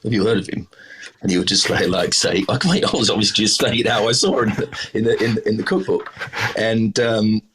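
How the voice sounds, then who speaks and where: A man's voice: lowish voice, brisk, a bit bright, a little hiss or hum. A middle-aged Australian man, a chef telling stories in a casual interview, rambling with lots of fillers and restarts. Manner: rambling, many fillers and restarts, self-deprecating. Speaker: chef, podcast guest.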